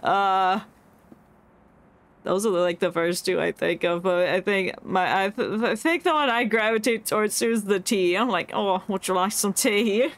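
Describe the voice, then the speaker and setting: A woman's voice: medium pitch, a little slow. A young woman streaming a game, reading narration aloud and chatting casually with lots of laughs.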